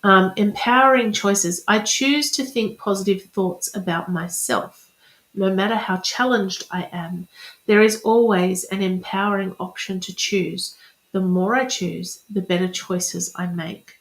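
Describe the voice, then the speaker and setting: A woman's voice: medium pitch, steady tone, measured pace. A woman speaking as a spiritual reader and coach in a chatty, encouraging live-streamed talk, repeating affirmations. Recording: roomy echo.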